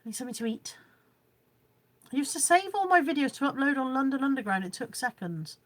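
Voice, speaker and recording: A woman chats away on a live stream from her home, reading out viewer comments and replying to them. She rambles and laughs at herself over technology. Her voice sits a little higher than most women's. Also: sing-song, a little fast. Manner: rambling, chatty, self-deprecating about technology.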